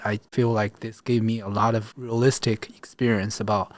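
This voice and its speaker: A man's voice: lowish voice, steady tone, brisk, few pauses, no room sound. Earnest young man, dry close sound. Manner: earnest, thoughtful. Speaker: chaplain course graduate. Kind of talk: interview answers.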